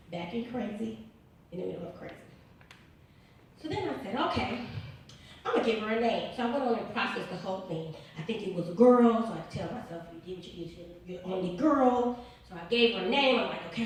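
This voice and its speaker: A woman speaks earnestly and with emphasis about her own experience, circling back over the same phrases in a loose, informal way. Her voice is middle-pitched and picked up from some way off the mic. A big, ringing room echo surrounds every word. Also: a little hiss or hum. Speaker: author and interview guest. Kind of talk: personal storytelling in an interview. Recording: very echoey room, distant mic.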